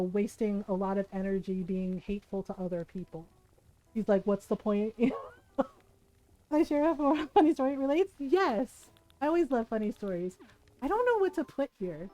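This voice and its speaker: A woman's voice: mid-range voice, warm tone, no room sound, rough recording. A middle-aged woman streaming, telling stories in casual chat and laughing often as she talks. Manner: chatty storyteller, laughs often.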